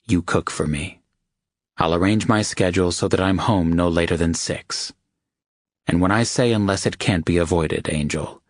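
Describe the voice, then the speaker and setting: Man playing a stern commanding lover, very low voice, firm and profane, dry close audiobook sound. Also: dry recording. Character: commanding, protective wealthy man, blunt and stern.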